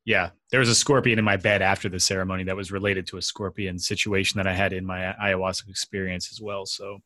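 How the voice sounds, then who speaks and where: A man's voice: deep voice, level tone, fast talker, bright, forceful tone, dry recording. A man hosting a podcast in casual chat, laid-back and jokey. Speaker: podcast host.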